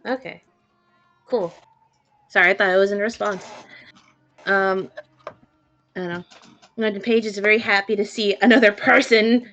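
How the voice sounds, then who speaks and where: A woman's voice: mid-range voice, fairly even intonation, normal speed, pauses often, a bit bright, lo-fi sound. A woman playing a tabletop game, chatting in a playful way and swearing at times. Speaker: player. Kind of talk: casual chat.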